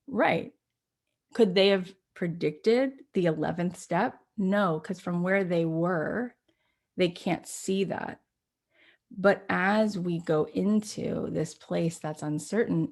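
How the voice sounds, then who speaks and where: A woman host in her forties giving a spiritual talk, telling a story with lively dialogue and then reflecting in a teaching tone. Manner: animated storyteller, acts out quoted dialogue with rising pitch.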